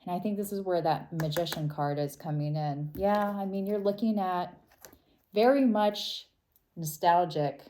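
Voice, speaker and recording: A woman talks through a tarot reading to her viewers in a soft, thoughtful way. Her voice is low and mellow, and she takes her time, trailing off and starting over as she goes. It sounds like casual, unhurried talk. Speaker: tarot reader.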